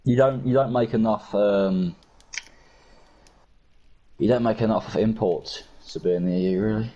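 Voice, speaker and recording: A man's voice: on the low side, moderate pace, mellow, highs cut off. A man from Sussex with a southern English accent, blunt and opinionated, swearing constantly in casual gaming chat. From Sussex, England. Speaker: gamer in voice chat.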